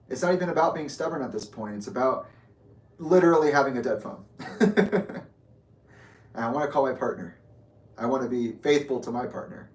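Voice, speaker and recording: A man telling a story in casual talk, animated and profane, acting out what others said, recorded in an echoey room with the mic far off. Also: mid-range voice, normal speed, pauses often. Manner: profane, animated, acts out quoted speech. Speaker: guest storyteller.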